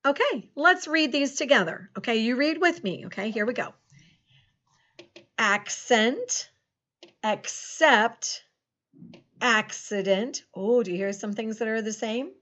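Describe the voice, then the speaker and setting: A woman teaching a recorded phonics lesson to young children, encouraging them and sounding out words slowly. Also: fairly high pitch, animated, a bit bright. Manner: encouraging, slow and exaggerated word sounding. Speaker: second grade teacher.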